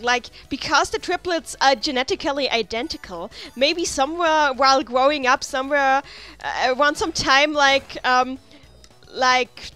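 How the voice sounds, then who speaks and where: Over faint game music, a woman hosting a let's play gives casual, rambling commentary with lots of restarts and asides. Her voice is high, bright and forceful.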